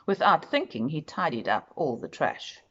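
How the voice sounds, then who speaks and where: A woman reading a children's picture book aloud, expressive and speaking directly to the listener. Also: low voice, normal speed, dull audio, a little hiss or hum. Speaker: storyteller.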